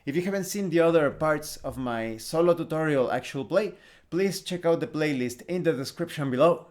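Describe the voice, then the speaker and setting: A man's voice: a little high, expressive, moderate pace. A man hosting a solo tabletop game tutorial, explaining the rules and narrating the scene step by step with small restarts. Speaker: host and solo game player.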